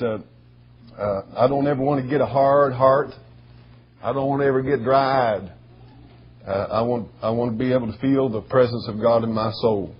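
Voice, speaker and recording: A middle-aged man preaching a sermon as pastor, emotional, going from soft and teary to shouting. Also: mid-range voice. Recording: dull lo-fi church recording.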